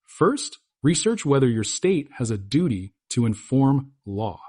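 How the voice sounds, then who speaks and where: A man narrates a scripted explainer in firm, clipped sentences. His voice is husky and his pitch moves a lot. The recording is dry and close, with no room sound. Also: big pitch swings, a little slow, mellow, dry recording. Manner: firm, instructive, short punchy sentences.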